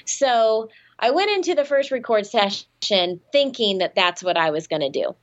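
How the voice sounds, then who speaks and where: A woman guest in a casual interview, telling stories in an animated, self-deprecating way and laughing often. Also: a little high, moderate pace, lo-fi sound.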